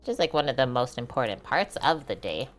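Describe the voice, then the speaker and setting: A woman's voice: extremely low pitch, lively intonation, brisk, soft background music. A woman streaming while she cooks, chatting casually with viewers, answering their comments and laughing often. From Canada. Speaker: cooking streamer. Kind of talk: casual livestream chat while cooking.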